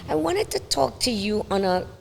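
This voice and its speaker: A woman's voice: a little high, sing-song, normal speed, creaky, big-room sound, slight background noise. A woman hosting a podcast interview, conversational and asking questions. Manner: conversational, many fillers and restarts, asks questions. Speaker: podcast host. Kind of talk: casual interview.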